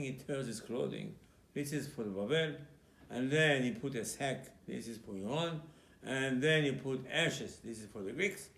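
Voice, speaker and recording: A rabbi with a gravelly, creaky voice gives an emphatic sermon, now and then slipping into the voices of the figures in his story. His words ring around a roomy, echoing space. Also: mid-range voice. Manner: emphatic storytelling, acting out dialogue between biblical figures. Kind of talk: Purim sermon. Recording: echoey room.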